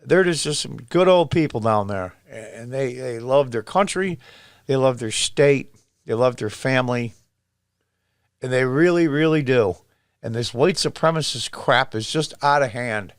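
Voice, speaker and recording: A man in his sixties from upstate New York, talking in a forceful, repetitive commentary style and reacting loudly to what he shows. His voice sits in a middle pitch. The sound is dry and close, with no room around it. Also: lively intonation, measured pace, no echo. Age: 60s. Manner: emphatic, repetitive, exclaims over footage. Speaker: political commentator. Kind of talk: casual political commentary.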